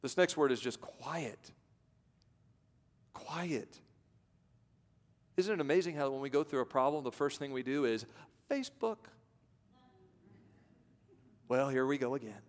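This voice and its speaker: A man pastor preaching a sermon, swinging from loud to hushed and acting out voices. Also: medium pitch, fast talker, few pauses. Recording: long reverb of a large hall.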